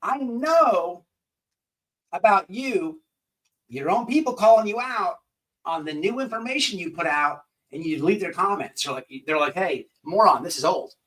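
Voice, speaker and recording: A man's voice: sits high, lively intonation, normal speed, a bit bright, distant mic, poor audio. A man hosting an online commentary show, ranting in a profane, confrontational, repetitive way.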